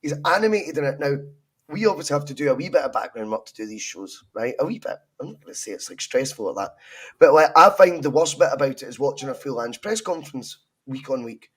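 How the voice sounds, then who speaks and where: A Scottish man co-hosting a podcast, talking football in a casual, opinionated and animated way, swearing freely. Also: mid-range voice, quick pace, slightly rough. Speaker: podcast co-host.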